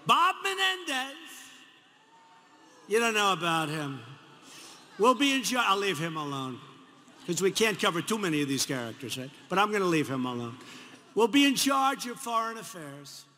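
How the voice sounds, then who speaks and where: This politician, a man in his seventies with a New York accent, has a high, sing-song voice that is bright and forceful. He speaks at a moderate pace and pauses often. His campaign rally speech in a large arena wanders, repeats itself, and slips into mocking asides, with echo and faint crowd noise around him.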